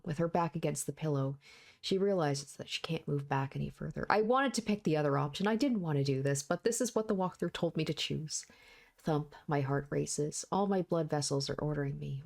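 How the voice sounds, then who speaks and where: A woman's voice: low voice, moderate pace. A woman reading a visual novel aloud, narrating steadily and breaking into candid asides. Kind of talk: game read-aloud with commentary.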